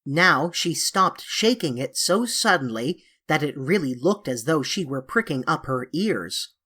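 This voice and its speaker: A woman with a low-pitched voice and a breathy edge narrates an audiobook of a classic children's novel. Her storytelling is measured and expressive.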